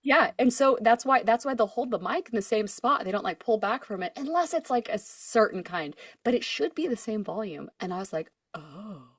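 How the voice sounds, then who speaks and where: A young woman, a singer, co-hosting a podcast in casual chat, telling stories with lively acted-out quotes and frequent laughter. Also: on the high side, a little fast, hardly any pauses, no echo, studio quality. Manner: animated storyteller, acts out quotes, laughs often.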